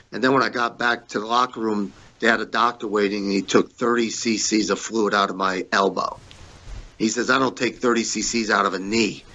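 A man's voice: fairly low pitch, sharp tone, muffled recording. A middle-aged man, a former pro wrestler, telling blunt, profane backstage stories in a shoot interview, acting out both sides of old arguments.

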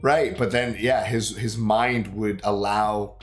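A man's voice: on the low side, steady tone, takes it slowly, soft background music. A man with a sick, congested voice chatting casually as a co-host of a movie reaction, rambling with lots of fillers and casual swearing. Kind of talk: casual chat.

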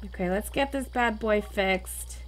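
A young woman hosting a let's play, giving casual game commentary, easily exasperated and dramatic, bursting into excitement. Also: mid-range voice, a little slow, over music.

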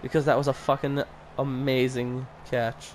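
A man playing a football video game, swearing a lot and reacting nervously and excitedly to every play. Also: mid-range voice, normal speed, a little hiss or hum, rough recording. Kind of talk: casual gameplay commentary.

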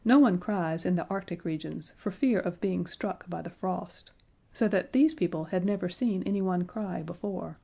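A woman narrating a children's fantasy audiobook in a gentle, measured way. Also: fairly low pitch, vocal fry, husky. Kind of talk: scripted storybook narration.

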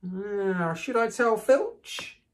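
A man voicing a mischievous male poltergeist in a storybook reading, taunting in a singsong, shrill way. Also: animated, extremely slow, full character voice.

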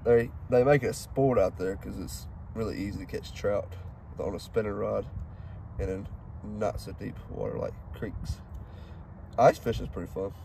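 A man's voice: lowish voice, moderate pace, vocal fry, mellow. A man in his twenties with a thick Southern accent, chatting in a folksy, rambling way with lots of fillers as he cleans a duck outdoors by his truck. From Mississippi. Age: 20s. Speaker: hunting guide. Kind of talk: casual talk while cleaning a duck. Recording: outdoor recording with faint background noise.

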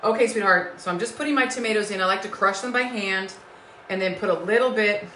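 Effusive woman with a bright, forceful voice. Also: mid-range voice, fast, slight background noise. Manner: effusive, greets viewers by name and calls them sweetheart and lovies. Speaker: home cooking show host. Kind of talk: live-stream cooking chat. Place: home kitchen. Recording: echoey kitchen.

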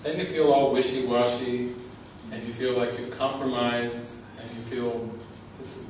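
A man's voice: mid-range voice, flat delivery, unhurried, a little mellow. A man giving an informal spiritual talk as a teacher, earnest and often laughing, repeating his words. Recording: echoey, distant mic with background noise.

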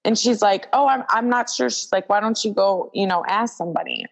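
Young woman wrestler chatting, animated, lots of "like", acts out what people said. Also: medium pitch, a little fast, creaky, rough recording. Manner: animated, acts out quoted dialogue, many "like" fillers. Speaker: guest, wrestler. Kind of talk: casual storytelling in an interview.

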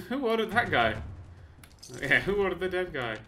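A man casually commentating on his own gameplay, chatty and excitable, with sudden yelps and mock-boastful asides. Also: high-pitched, normal speed, slight background noise. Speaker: let's play host.

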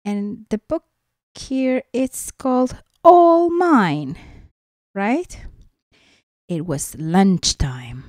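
A woman teacher reads a picture book aloud very slowly, stopping to coax children with little questions. Her pitch swings lively up and down, and the sound is dry and close. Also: no echo. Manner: questioning, coaxing, slips into asides.

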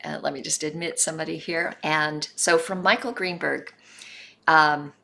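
A woman hosting an online memorial gathering over a video call, reading tributes aloud in an unhurried way with soft trailing asides. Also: sits low, fairly even intonation, creaky. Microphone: video call microphone.

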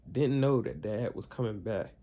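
A young vlogger tells a story to camera, packed with heavy slang and animated, acting out everyone else's lines himself. His voice is husky and fairly low, at a moderate pace.

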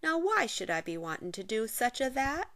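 A woman's voice: on the high side, very animated, moderate pace, a bit bright. A woman voicing a tiny, mischievous male leprechaun who bargains slyly and uses old-fashioned turns of phrase.

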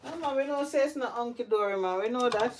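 Woman, Jamaican accent, middle-aged, gardening vlog, chatty and repetitive, somewhat high voice. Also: fast, background noise. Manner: chatty, repeats herself, talks to viewers. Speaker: gardening vlogger. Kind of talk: casual chat while gardening.

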